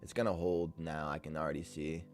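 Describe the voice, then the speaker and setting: A man streaming live trades, talking to the market, reading chat aloud and swinging between loud cursing outbursts and low muttering. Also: flat delivery, brisk, faint music behind.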